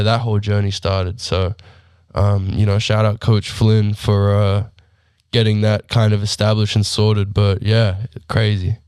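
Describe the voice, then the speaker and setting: Smooth-voiced young Australian man, lowish. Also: no echo, studio quality. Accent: Australian, partly Americanized. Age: 20s. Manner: relaxed storytelling with fillers, laughs easily. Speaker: guest athlete. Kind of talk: casual podcast interview.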